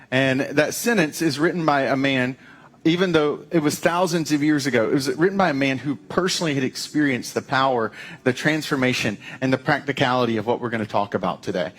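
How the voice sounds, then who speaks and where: A man preaching a sermon as pastor, in a conversational, animated way with playful asides. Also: mid-range voice.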